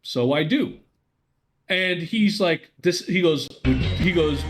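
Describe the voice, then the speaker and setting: A man's voice: fairly high pitch, animated, unhurried, soft background music. A man co-hosting a podcast, arguing his side and telling stories in a rambling, casual way. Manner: argumentative, rambling, storytelling with restarts. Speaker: podcast co-host. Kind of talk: casual chat.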